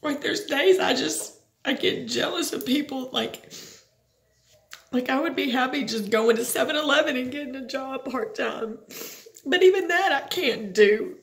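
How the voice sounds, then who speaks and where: Woman vlogger, fed up and rambling, slightly high voice with some fry. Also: measured pace, echoey room. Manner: frustrated, rambling, swears. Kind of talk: venting personal vlog.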